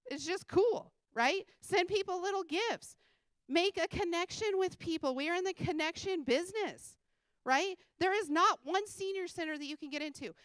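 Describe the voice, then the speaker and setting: A woman giving an energetic motivational talk on a conference stage, speaking bluntly and casually, swearing freely and laughing often. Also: very high voice, moderate pace, no echo. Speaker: conference speaker and sales coach. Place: conference stage before a live audience.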